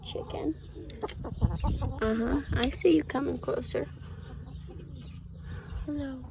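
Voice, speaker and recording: A woman with a high, gravelly voice speaks slowly while filming a casual farm vlog outdoors on her phone. She chats and talks to her animals as she works, and the recording is full of loud farm noise: chickens, ducks, and other animals, plus crowd noise.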